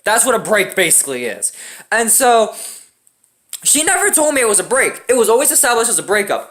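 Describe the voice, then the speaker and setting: A young man tells a storytime rant with an animated, swinging delivery. His voice is bright and forward. He curses freely and keeps punctuating his points with a questioning "right?". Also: sits high.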